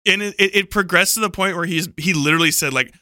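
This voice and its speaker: Man, podcast talker, profane rambling anecdote, lots of "like", very bright tone, dry close sound. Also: high voice, fast, no echo. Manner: profane, digressive storytelling with frequent laughter; heavy use of "like" and self-corrections. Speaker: book club podcast panelist.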